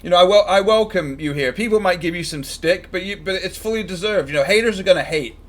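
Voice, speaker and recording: A man's voice: high-pitched, fast. Chatty man streaming a football watchalong. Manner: chatty, joking, fan-biased predictions. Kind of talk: casual live match commentary.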